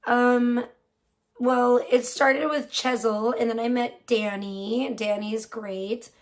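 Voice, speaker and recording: A woman's voice: a little high, fairly even intonation, takes it slowly. A woman hosting a casual livestream, chatting with viewers in a blunt, profane, heated way. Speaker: livestream host. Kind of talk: casual live-stream chat with viewers.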